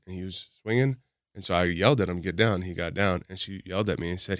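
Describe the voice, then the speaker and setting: A man's voice: low-pitched, fast, dry recording, studio quality. A middle-aged man chatting casually as a podcast guest, blunt and emphatic. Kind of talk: casual chat.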